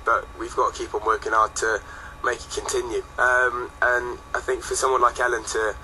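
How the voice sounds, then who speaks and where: A man's voice: medium pitch, flat delivery, moderate pace, bright, forceful tone, slight background noise, rough recording. A young man from England, a guest in a radio studio telling stories in a laid-back, chatty way. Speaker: guest singer. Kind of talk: casual radio chat.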